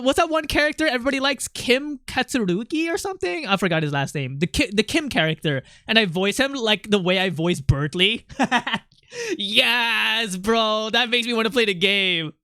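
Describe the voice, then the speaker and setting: Rambling streamer with a smooth voice. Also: mid-range voice, normal speed, no echo, studio quality. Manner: rambling, excitable, jumping between topics. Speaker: livestreamer chatting with viewers. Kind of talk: casual stream chatter.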